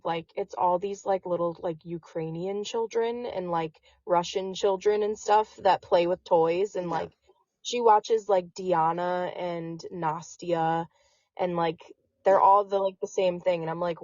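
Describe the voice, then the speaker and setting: A woman with a lowish, slightly mellow voice co-hosts a podcast, chatting casually and freely while leaning heavily on "like" as a filler. The recording is dry, muffled and lo-fi.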